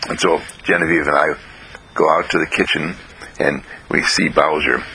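A man telling a children's story on the radio in a gentle, slow, lively way, clearing his throat now and then. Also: rumbling low, slight background noise, poor audio.

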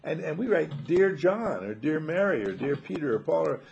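An older man giving a gentle, rambling, folksy talk, chuckling as he reflects. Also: on the high side, very animated, normal speed, gravelly, muffled recording. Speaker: inspirational speaker.

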